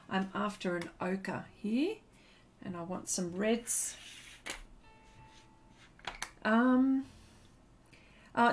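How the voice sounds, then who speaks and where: A woman hosting a live painting stream, chatting casually and laughing as she reads comments aloud. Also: on the high side.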